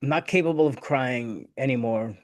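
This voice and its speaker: A man's voice: mid-range voice, normal speed. A middle-aged man, a victim advocate and interview guest, talking candidly and from the heart, often repeating words as he searches for them. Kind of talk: casual conversation.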